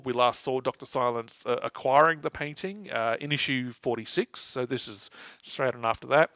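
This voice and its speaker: A man's voice: mid-range voice, fairly bright tone, no echo, low-quality recording. Male podcast host, casual and wry, laughs a lot, dry close sound. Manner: chatty, laughs often, wry asides. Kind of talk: casual chat recapping comics.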